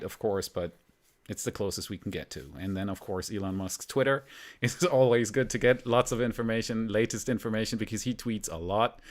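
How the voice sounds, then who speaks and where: A man from Germany hosting a live stream, chatting casually and rambling a little, with frequent fillers and soft laughs. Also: lowish voice. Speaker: livestream host.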